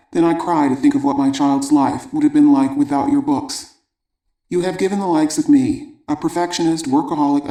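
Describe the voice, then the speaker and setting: A man with a fairly high but mellow voice reads an audiobook aloud. His delivery is measured and even, in the manner of scripted narration. The sound carries a roomy echo.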